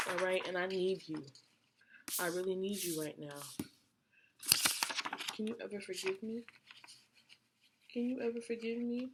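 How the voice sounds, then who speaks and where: Chatty woman reading tarot, noisy clicks. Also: medium pitch. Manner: chatty, repeats herself, speaks to viewers directly. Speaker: tarot reader. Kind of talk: casual tarot reading monologue. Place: home.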